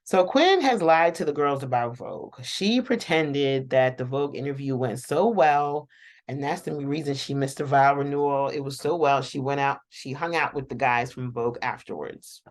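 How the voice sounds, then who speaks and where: A woman's voice: a bass voice, normal speed. A woman hosting a casual, rambling reaction recap of a TV episode, chatting to viewers and laughing often. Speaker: show reaction host.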